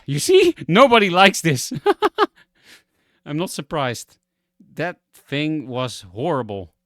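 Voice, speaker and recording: A man's voice: medium pitch, no room sound. Young dutch guy ranting on stream, dutch accent, swears a lot, dry close sound. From Netherlands. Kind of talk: casual stream commentary.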